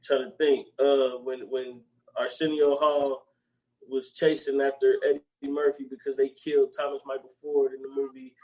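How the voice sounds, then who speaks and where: A man's voice: mid-range voice, flat delivery, normal speed, dark tone, low-quality recording. Rambling slang-heavy man chatting. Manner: rambling, peppered with slang and repeated filler phrases. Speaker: podcast co-host. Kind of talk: casual chat.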